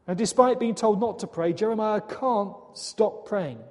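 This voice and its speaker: Male preacher, high pitched, earnest and questioning, reverberant hall sound. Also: unhurried, hardly any pauses, darkish tone. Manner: earnest, dramatic, with rhetorical questions. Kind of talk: sermon.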